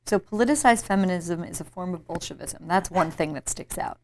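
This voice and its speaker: A woman's voice: on the low side, brisk, darkish tone, slight background noise. A woman interviewing a guest, engaged and asking probing questions. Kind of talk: interview conversation.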